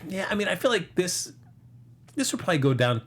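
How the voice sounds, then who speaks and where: A man's voice: high voice, very animated, fairly quick, fairly bright tone, a little hiss or hum. A man hosting a casual box office chat, rambling through the figures with lots of fillers and jokes. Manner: rambling, filler-heavy, joking. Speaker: host.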